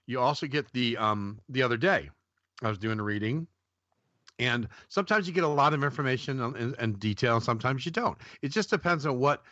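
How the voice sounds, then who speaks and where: This psychic medium, a male radio show guest, tells wandering anecdotes in a casual interview, frequently starting over and acting out whoever he's quoting. His voice is medium-pitched, brisk and sharp, with lively intonation. The audio is dull lo-fi radio sound with no room echo.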